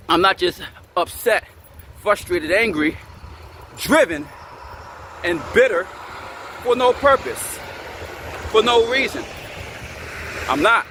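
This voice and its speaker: A man's voice: high voice, sharp tone, slight background noise. A man hosting his own channel, ranting angrily at the camera, swearing and repeating himself. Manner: angry, repetitive and profane. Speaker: channel host.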